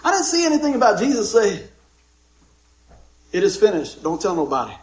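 A middle-aged male pastor with a very high voice preaches in an echoey church, folksy and joking. He keeps asking the congregation for amens. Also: huge pitch swings, fairly quick. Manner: folksy, joking storyteller with call-and-response amens. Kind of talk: sermon.

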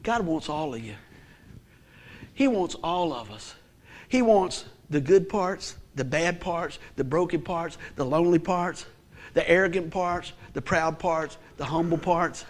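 A man's voice: on the high side, measured pace. A middle-aged man, a pastor preaching a sermon in a conversational, humorous way with call-and-response.

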